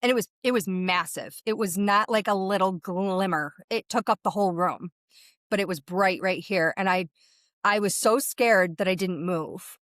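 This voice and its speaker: Speaking at a middle pitch with a slightly bright tone, a medium recounts a personal experience as an interview guest. She tells it vividly, her pace quickening and easing as the story goes, in a close, dry recording.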